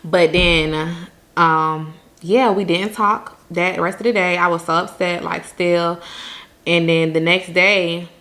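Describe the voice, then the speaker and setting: A woman from Jamaica telling a vacation story to her viewers in a casual storytime, animated and laughing often. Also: on the low side, slow pace.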